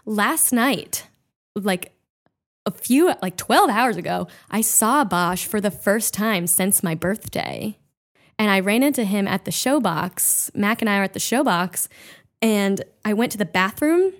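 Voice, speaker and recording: A woman's voice: mid-range voice, expressive, a little slow. Swearing, laughing woman comedian. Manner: swears freely, laughs through an emotional story. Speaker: comedian guest. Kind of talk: casual chat.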